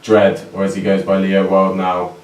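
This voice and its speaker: A man's voice: sits low, normal speed. A man, a rapper guest telling stories in casual podcast chat, full of slang and swearing. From England. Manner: animated storytelling, heavy slang and swearing. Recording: roomy distant recording, faint noise.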